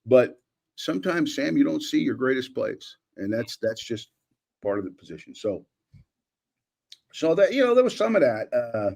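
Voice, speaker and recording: An older man, a former football coach, breaking down game film in a lively, rambling way, acting out old conversations. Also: mid-range voice, normal speed, gravelly. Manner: animated, acts out quotes, many restarts. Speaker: former offensive coordinator, analyst.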